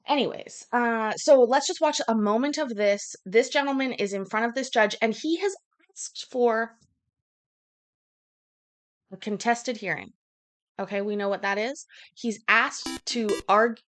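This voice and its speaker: A woman hosting a casual livestream, chatting loosely with many ums and asides. Her pitch sits in an ordinary middle range. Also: a bit bright. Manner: chatty, rambling, frequent fillers. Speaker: livestream host.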